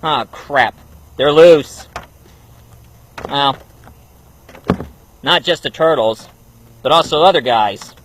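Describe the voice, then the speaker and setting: A man's voice: on the high side, slow, long pauses, fairly bright tone, slight background noise, poor audio. A man hosting a comedic review, bantering in an exasperated way. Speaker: host, reviewer.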